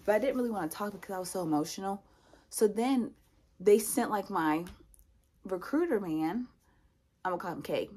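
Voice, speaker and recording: A woman's voice: medium pitch, normal speed, pauses often, slightly rough. A young woman telling a personal story in a vlog, acting out the voices of the people in it. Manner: animated, acts out other people's lines. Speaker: vlogger.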